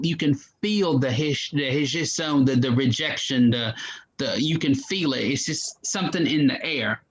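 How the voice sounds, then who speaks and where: Male, fairly high voice, patient explainer, muffled call audio. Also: slight background noise. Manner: explains patiently, mixes in Portuguese words. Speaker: native-speaker conversation partner. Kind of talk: casual conversation.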